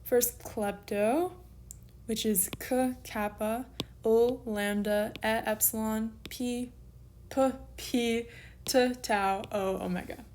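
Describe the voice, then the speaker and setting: A woman's voice: a little high, fairly even intonation, slow pace, darkish tone, a little hiss or hum. A woman recording an online lesson, patiently spelling out letters one at a time as she explains. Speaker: teacher.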